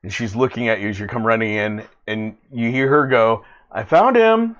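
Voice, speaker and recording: A man narrating as game master of a tabletop role-playing game, in a halting, filler-heavy way. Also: on the low side, steady tone, fairly bright tone, highs cut off.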